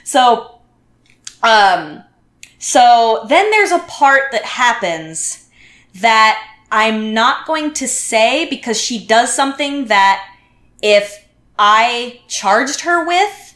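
Animated woman telling a story. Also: on the high side, drawn-out words. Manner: animated, acts out what people said. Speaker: podcast guest. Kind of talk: casual storytelling chat. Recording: roomy echo.

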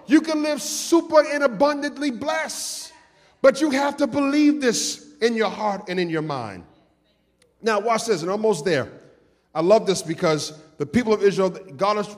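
A man preaching a sermon as pastor, with call-and-response and sung, shouted peaks that drop to quiet asides. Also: sits high, lively intonation, moderate pace, big-room sound.

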